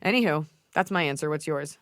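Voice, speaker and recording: Woman host, casual comic chat, slightly low voice, dry close-miked studio. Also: a little fast, dry recording. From United States. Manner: playful, puts on accents mid-sentence. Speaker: podcast host.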